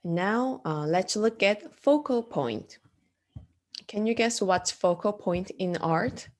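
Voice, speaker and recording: Slow, halting woman art teacher. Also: medium pitch, expressive, a little mellow. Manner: halting, frequent ums and uhs; explains terms step by step, asks the class questions. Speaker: art instructor. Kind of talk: lecture.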